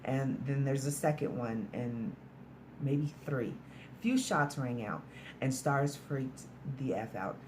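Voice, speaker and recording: A woman's voice: extremely low pitch, expressive, takes it slowly, a little mellow, a little hiss or hum. A woman casually recapping a film's plot in a chatty, storytelling way, sprinkled with "like" and mild swearing. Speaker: movie reviewer.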